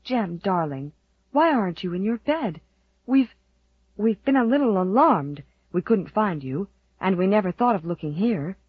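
A woman voicing a gentle, loving young mother who speaks softly and tenderly in an audiobook. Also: medium pitch, expressive, moderate pace, slightly rough, no echo, narrow, tinny audio.

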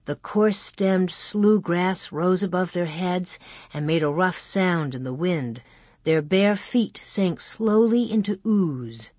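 An audiobook narrator reading a story in a slow, measured storytelling manner into a close studio mic. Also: medium pitch, lively intonation, darkish tone, no room sound. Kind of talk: scripted narration.

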